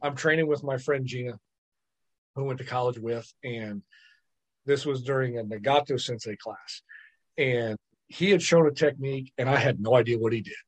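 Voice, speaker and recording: A man, a podcast guest, telling stories in lively casual chat, often repeating words and checking in with "right?". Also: medium pitch, normal speed. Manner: animated storyteller, repeats words and asks "right?". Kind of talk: casual storytelling.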